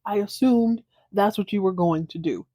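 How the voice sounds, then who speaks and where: A woman's voice: mid-range voice, normal speed, mellow, no echo, lightly acted. A woman voicing a jovial, glamorous young wife who works as a model, speaking breezily and defiantly. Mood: breezy. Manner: breezy, then indignant.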